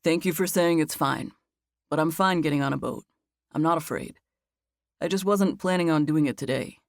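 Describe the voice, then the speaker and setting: A calm, steady young man, as a woman narrator puts him on, speaking low and even with quiet resolve. His voice sits a little deeper than the narrator's own, in a dry, close recording with no room sound. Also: vocal fry, no echo. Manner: lower, even and unhurried. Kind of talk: audiobook narration.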